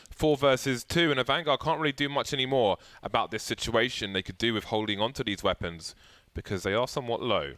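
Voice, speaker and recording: A man giving play-by-play commentary on an esports match, getting excitable and rising with the action. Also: on the low side, dry recording.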